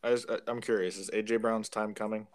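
Deep-voiced man with sarcastic quips. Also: flat delivery, quick pace. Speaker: fantasy league podcast co-host. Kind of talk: casual chat.

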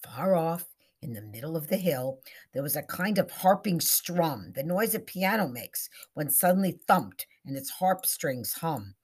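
A woman reads a suspense story aloud in a hushed, dramatic way. Her voice is husky and sits fairly low, but the intonation rises and falls a lot. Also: very animated, measured pace. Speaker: narrator.

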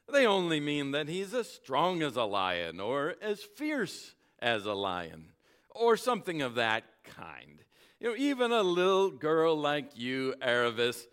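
A preacher putting on a pompous talking horse. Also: male voice, on the high side, a bit bright, voice pushed up, full character voice. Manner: pompous, lecturing. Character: proud boastful talking horse, male.

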